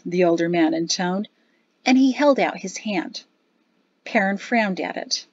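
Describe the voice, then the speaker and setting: Woman, audiobook narrator, even storytelling read, dry close sound, slightly muffled. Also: fairly low pitch, measured pace, husky, no room sound. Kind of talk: scripted narration.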